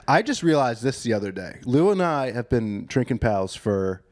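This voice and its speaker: A man in his thirties talks in loose, self-deprecating rambles, co-hosting a casual comedy podcast. His voice sits at a middle pitch. The sound is dry and close, recorded in a living room studio. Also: big pitch swings, moderate pace, a little mellow, dry recording. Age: 30s. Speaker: podcast co-host.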